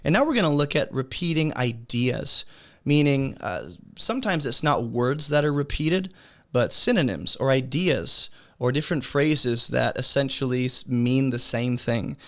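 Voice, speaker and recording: A man teaching a beginner's Bible study lesson in a relaxed, conversational way, asking his listeners rhetorical questions. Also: medium pitch, moderate pace.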